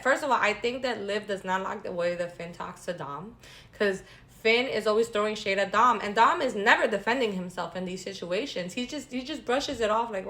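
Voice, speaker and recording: Chatty, gossipy woman recapping storylines. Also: a little high. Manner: chatty, animated, repeats phrases for emphasis; gossipy, sarcastic asides. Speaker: wrestling recap vlogger. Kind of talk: casual chat.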